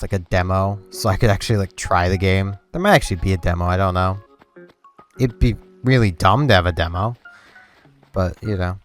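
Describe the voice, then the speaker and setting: This gaming channel host, a young man with a low voice, chats casually and rambles while he plays, using "like" again and again. Faint game music sits in the background.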